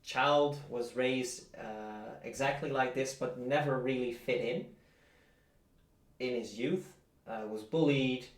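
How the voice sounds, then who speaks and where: A man from the Netherlands chatting casually, halting with frequent uhs. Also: medium pitch, reverberant. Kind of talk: casual chat.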